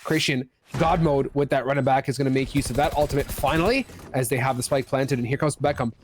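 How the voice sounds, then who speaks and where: A man doing live esports color commentary, steady and analytical with bursts of excitement on big plays. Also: mid-range voice, fast, a little hiss or hum.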